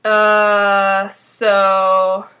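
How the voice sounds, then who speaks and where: A young woman casually recapping a TV episode, rambling excitedly with lots of fillers. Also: medium pitch, very slow.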